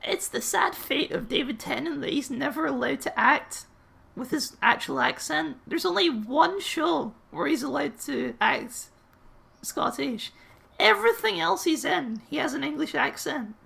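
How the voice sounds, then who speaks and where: A woman's voice: high voice, expressive, a little slow, gravelly, fairly bright tone. A woman co-hosting a casual podcast, making dry, teasing asides. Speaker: podcast co-host. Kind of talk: casual chat.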